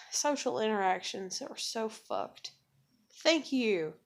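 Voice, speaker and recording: A woman's voice: on the high side, very animated, takes it slowly. A young woman vents straight to the camera, cursing freely and circling back on herself. Her talk is loose and sarcastic, packed with "like" and "you know", and she pokes fun at herself as she goes. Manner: profane, rambling, heavy with "like" and "you know"; sarcastic, self-mocking. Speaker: vlogger. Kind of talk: casual venting monologue.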